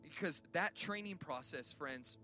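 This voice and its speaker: A man preaching a sermon as pastor, building from quiet stories up to loud, shouted emphasis. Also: on the high side, lively intonation, unhurried, music in the background.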